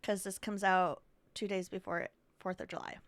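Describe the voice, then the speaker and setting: A woman's voice: medium pitch, little pitch movement, normal speed, clean tone, no room sound. A young adult woman co-hosting a podcast in casual chat, rambling through stories and giggling often. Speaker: podcast co-host.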